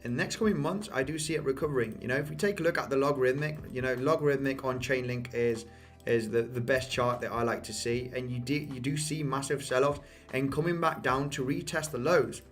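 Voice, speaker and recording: A man's voice: mid-range voice, fairly quick, soft background music. A man giving casual market commentary over price charts, losing his voice, repeating himself and often asking "okay?". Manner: repetitive, addresses viewers as guys, frequent "okay?" and "you know". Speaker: crypto market analyst.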